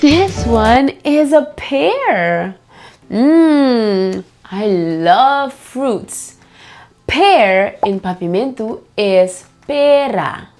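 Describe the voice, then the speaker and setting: Woman, children's language teacher, very slow and sing-song, faint music bed. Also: a little high, a little mellow. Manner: slow and patient, repeats each word and prompts children to echo.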